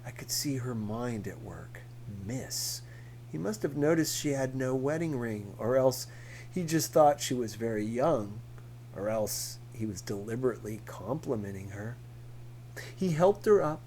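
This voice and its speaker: Slow, lively male audiobook reader. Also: mid-range voice, a little hiss or hum, rough recording. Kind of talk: audiobook narration.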